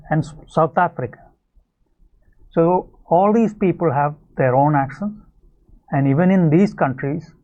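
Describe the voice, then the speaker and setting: A man teaching an English video lesson, explaining clearly and speaking straight to his viewers. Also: a little high. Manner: explanatory, addresses viewers directly. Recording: tinny phone-like sound.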